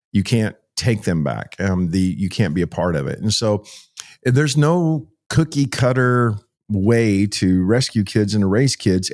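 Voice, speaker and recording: A middle-aged man from Texas, a pastor telling stories in a folksy, animated way during an interview. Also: on the low side. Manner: folksy, animated storyteller with frequent restarts. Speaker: pastor and child rescuer. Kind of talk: interview storytelling.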